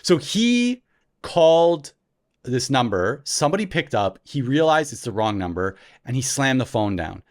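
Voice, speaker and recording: A man from Canada in his thirties, co-hosting a podcast and telling a story in a casual, animated way, loudly acting out the people he quotes. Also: medium pitch, measured pace. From Ontario, Canada. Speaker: podcast co-host.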